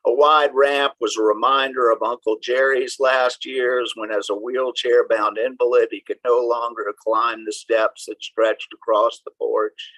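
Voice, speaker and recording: A man reading his own poem at an online open mic in a measured, deliberate way, heard over a video call from home. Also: mid-range voice, little pitch movement, a bit bright, no room sound, low-quality recording. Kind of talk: poetry reading.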